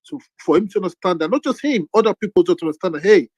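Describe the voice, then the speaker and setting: Brief: male co-host, fast, calming, rambling, high voice. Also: husky, dry recording, low-quality recording. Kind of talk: live debate.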